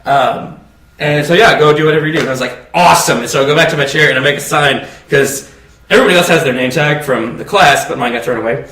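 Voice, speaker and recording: A young man on a podcast telling a work story in a lively way, laughing often and imitating voices. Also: on the high side, fast. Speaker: podcast co-host. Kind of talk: casual chat. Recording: echoey room, distant mic, background noise.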